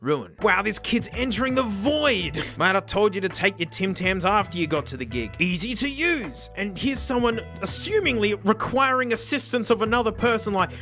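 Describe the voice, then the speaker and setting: Aussie guy roasting some gadget he's unboxing, high bright voice, music under it. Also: normal speed, few pauses. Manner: sarcastic, animated, bursts into shouts and laughs. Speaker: tech reviewer. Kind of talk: comedic unboxing review.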